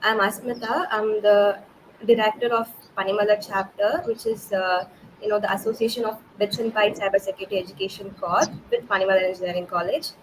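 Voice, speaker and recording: A woman's voice: mid-range voice, fairly even intonation, brisk. Woman welcoming, noisy call. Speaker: chapter director. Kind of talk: opening welcome. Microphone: video call. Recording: video call with clear background noise.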